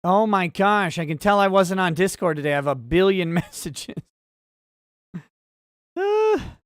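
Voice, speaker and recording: A man with a slightly high voice hosts a laid-back livestream, reading chat messages and musing on them as he goes. He rambles, gets sidetracked, and drops wry asides. The sound is close and dry. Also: fairly even intonation, fairly quick, clear, resonant tone, dry recording.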